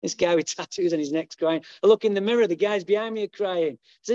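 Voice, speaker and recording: A man's voice: high voice, fairly quick, hardly any pauses, clear, resonant tone, dry recording. A middle-aged man giving a humorous, profane recovery talk as main speaker at a meeting. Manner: profane, humorous, lively storyteller. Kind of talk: storytelling recovery share. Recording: dull lo-fi dry sound.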